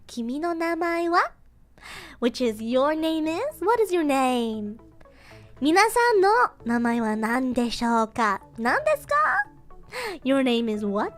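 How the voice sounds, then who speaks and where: A woman's voice: sits high, sing-song, measured pace, faint music behind. A woman streaming a playful Japanese vocabulary lesson, giggling often and acting out little scenes.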